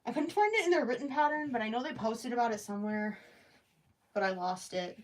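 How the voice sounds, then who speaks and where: A woman's voice: a little high, brisk, a little hiss or hum. A woman hosting a crochet livestream at home, rambling and thinking aloud as she works and chats with viewers. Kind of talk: casual chat while crocheting, reading live chat.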